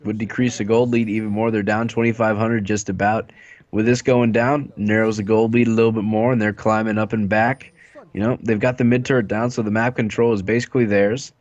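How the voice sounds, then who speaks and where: A man's voice: on the low side, flat delivery, fairly quick, a little mellow, lo-fi sound. A man casting a live esports match, joking around and laughing between play-by-play calls. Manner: jokey, rambling, laughs often. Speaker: esports caster.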